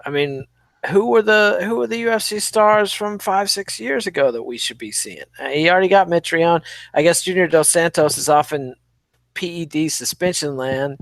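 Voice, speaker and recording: A man's voice: a little high, normal speed, fairly bright tone, no room sound. A man co-hosting a podcast in casual chat, giving sardonic, wordy rants about fighters. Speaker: podcast co-host.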